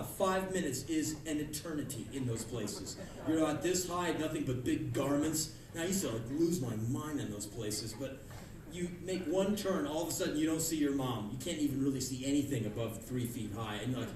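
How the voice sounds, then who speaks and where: Animated man yelling stories on a live stage. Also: on the high side, moderate pace. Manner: animated, bursts into yelling and acted-out screams. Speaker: spoken-word performer. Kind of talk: live comic storytelling. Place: live club stage before an audience. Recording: echoey club heard from far off, with crowd and noise.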